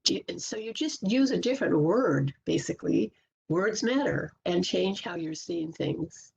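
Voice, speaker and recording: A woman positivity coach giving a lively webinar talk from a computer mic, acting out everyday self-talk. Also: fairly low pitch, moderate pace, vocal fry, slightly rough. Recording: muffled lo-fi webinar audio.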